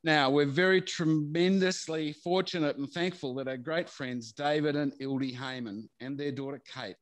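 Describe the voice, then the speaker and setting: A middle-aged Australian man, father of the groom, giving a halting wedding speech over a video call and laughing between phrases. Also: fairly high pitch, steady tone, no room sound.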